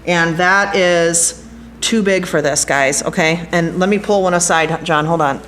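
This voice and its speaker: A woman teaching a glass jewelry craft, chatty and excitable, talking straight to her viewers as she works. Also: lowish voice, measured pace, a little hiss or hum. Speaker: glass art instructor. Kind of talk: hands-on craft demonstration.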